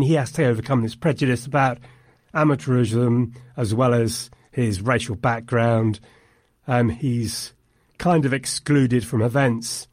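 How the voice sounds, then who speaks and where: A man's voice: mid-range voice, dry recording, clean studio sound. A man discussing a film in casual conversation, thoughtful and analytical with wry asides. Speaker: film podcast co-host.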